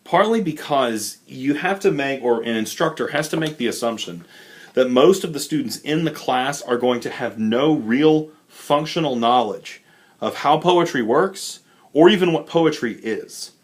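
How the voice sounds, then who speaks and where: A man's voice: mid-range voice, expressive, a little slow. A young adult man teaching a recorded college literature lesson in a loose, informal way, with many fillers and asides. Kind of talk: casual recorded lecture.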